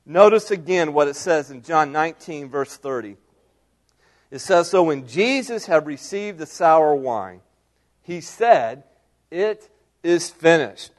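A middle-aged male pastor preaching a sermon, moving between soft asides and raised, emphatic lines. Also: on the high side, expressive, slow pace.

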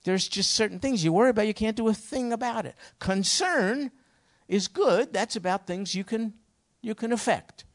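A middle-aged male pastor delivering a sermon with a slightly higher voice. He preaches emphatically, building into sharp, rising bursts of emphasis. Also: expressive, moderate pace.

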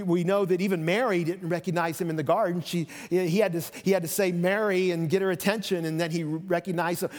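Male pastor, higher voice, lively conversational sermon, echoing church hall. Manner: conversational, animated retelling with voiced quotes. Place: church sanctuary. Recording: long reverb of a church hall.

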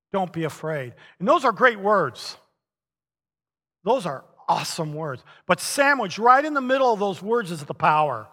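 Animated man preaching in an echoing hall. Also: high-pitched. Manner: animated storytelling with chuckles. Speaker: pastor. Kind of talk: sermon. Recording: long reverb of a large hall.

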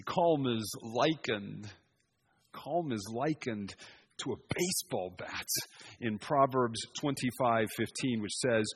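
A man preaching an expository sermon, shifting between emphatic raised passages and quiet asides. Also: mid-range voice, slow pace, breathy edge.

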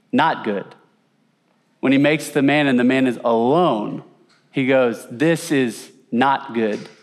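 Conversational man teaching a Bible lesson. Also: mid-range voice. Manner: conversational, asks the audience questions, repeats words for emphasis. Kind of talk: teaching sermon with slides.

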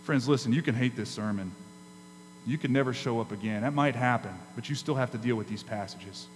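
A man preaching a sermon as pastor, emphatic, with dramatic pauses and rises in his delivery. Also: medium pitch. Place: church sanctuary. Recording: hall reverb with faint mains hum.

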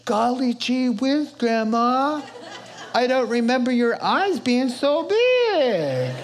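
A man voicing a gullible, wide-eyed little girl in a storybook retelling during a sermon, with a high, breathless, naive delivery. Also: sing-song, slow pace, heavily acted.

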